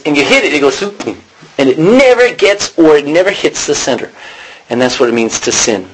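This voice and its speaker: A man delivers a relaxed teaching sermon in a slightly high voice. He talks to the room conversationally, stops to fix his own slips and clears his throat now and then, over a faint hiss of background noise. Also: poor audio. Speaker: preacher.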